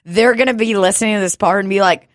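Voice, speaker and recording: A woman co-hosts a comedy podcast, swearing freely and joking in a brash style. Her voice sits at a middling pitch. The sound is dry and close. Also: fast talker, dry recording. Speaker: podcast co-host. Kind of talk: casual comedy chat.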